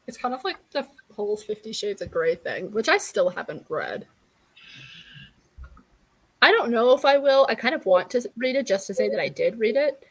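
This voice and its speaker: A woman's voice: on the high side, big pitch swings, moderate pace, slightly rough, dry recording, low-quality recording. A woman in her early twenties chatting casually about books, blunt and wry in her opinions. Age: 20s. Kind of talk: casual chat.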